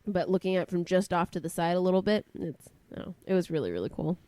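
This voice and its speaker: A woman's voice: lowish voice, fast, mellow. A woman co-hosting a podcast, chatting casually and swearing as she tells stories. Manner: chatty, profane, apologetic storyteller. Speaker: podcast co-host. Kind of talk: casual chat.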